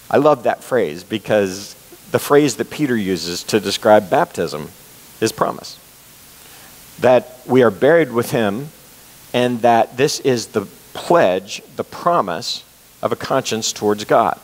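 Brief: male pastor, mid-pitched, earnest sermon delivery, long reverb in a church hall. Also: animated, a little slow. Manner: earnest storytelling, repeats for emphasis.

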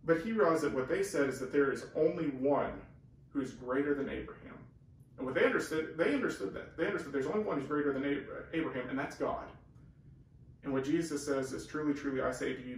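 Co-hosting a Bible teaching talk in a conversational style, this man has a mid-range voice and a quick pace. His delivery is earnest and emphatic, with restarts along the way. The sound comes from a distant camera mic in an echoey room, with a faint hiss.

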